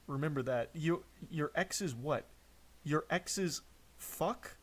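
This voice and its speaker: A male streamer reacts live with incredulous, sarcastic commentary, swearing freely as he tears into what he reads. His voice sits a little on the high side. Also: expressive, moderate pace. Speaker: streamer reacting to text messages.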